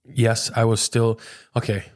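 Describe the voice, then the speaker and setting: A man's voice: medium pitch, little pitch movement, a little slow, dry recording, studio quality. A man in his thirties, a pastor, talking earnestly and reflectively in a casual interview, often saying "man" and "dude". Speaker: pastor, podcast guest.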